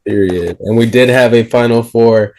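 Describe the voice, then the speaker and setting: A man hosting a reality show reunion, leading the recap with steady questions. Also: mid-range voice, normal speed, rough recording. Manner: steady, leads the talk with questions. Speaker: reunion host.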